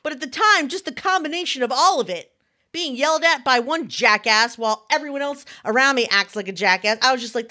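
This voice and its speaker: Her voice sits high and moves briskly as this podcast co-host, a woman in her forties, recounts stories with lively energy. She slips into the voices of the people she quotes during the relaxed conversation.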